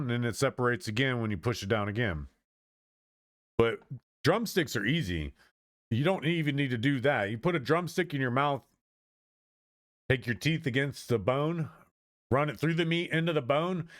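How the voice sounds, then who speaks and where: A man's voice: mid-range voice, animated, moderate pace, long pauses, a bit bright, no room sound, clean studio sound. A man streaming, giving casual chatty reaction commentary and laughing often.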